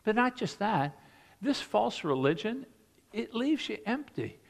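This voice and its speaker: High-voiced preacher in a reverberant hall. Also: male voice, measured pace, creaky. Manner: animated storytelling preacher, swinging between loud emphasis and quiet earnest passages. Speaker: pastor. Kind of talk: sermon.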